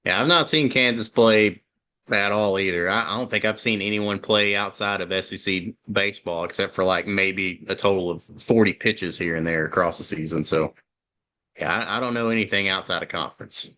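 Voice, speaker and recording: A man's voice: sits low, moderate pace, pushed and bright. A man of around forty co-hosting a sports podcast, chatting casually with short, easygoing replies.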